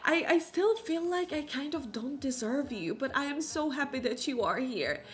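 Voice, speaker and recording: A woman's voice: high voice, animated, moderate pace. Shy young man in love, voiced by a woman: hesitant, sheepish, self-doubting.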